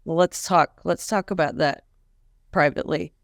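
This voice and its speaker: A woman as a guest on a comedy chat, talking calmly and gently evading questions. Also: sits low, moderate pace, no room sound, studio quality. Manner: calm, gently evasive.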